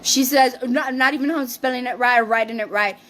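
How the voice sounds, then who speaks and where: A woman's voice: a little high, quick pace, a bit bright, a little hiss or hum. A woman co-hosting a livestream, ranting defensively and swearing, with Spanish phrases mixed in. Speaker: livestream co-host. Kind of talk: heated casual rant.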